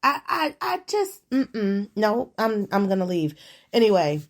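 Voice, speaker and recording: A woman's voice: mid-range voice, sing-song, a little slow. Profane ranting middle-aged woman. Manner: laughs often, stammers and restarts. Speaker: show host. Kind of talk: solo commentary on current events.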